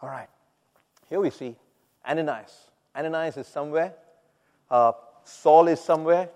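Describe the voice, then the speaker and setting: Preaching man in a reverberant hall. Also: a little high. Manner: rising to loud emphatic calls, dropping to quiet reflective asides. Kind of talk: sermon.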